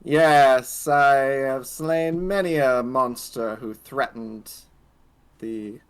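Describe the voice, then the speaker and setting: A man's voice: medium pitch, drawn-out words, clear, resonant tone. A man playing a stiff solemn crusader. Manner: stiff, formal. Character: stern solemn male crusader, humorless.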